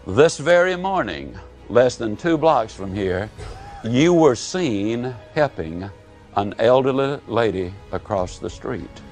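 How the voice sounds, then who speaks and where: A man acting out a school disciplinarian, dropping into a low, slow, deliberate voice. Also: animated, darkish tone, faint music behind. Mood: teasing.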